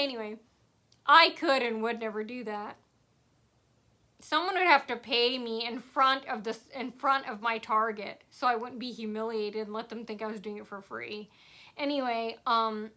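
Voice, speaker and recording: A woman's voice: fairly high pitch, normal speed, bright, forceful tone. A woman telling a rambling personal story to camera, sarcastic and full of fillers and asides. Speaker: vlogger.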